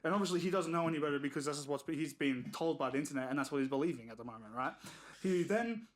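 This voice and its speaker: A man's voice: on the high side, animated, very fast. A young man co-hosting a podcast, casually retelling a story and checking in with "right?". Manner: conversational retelling with fillers like "right?". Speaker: podcast co-host. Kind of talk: casual chat.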